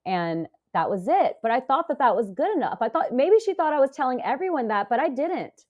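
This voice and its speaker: A woman's voice: high voice, big pitch swings, brisk, muffled recording. A woman in her forties, a podcast guest, retelling an emotional experience with many hesitations and fillers. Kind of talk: casual interview storytelling.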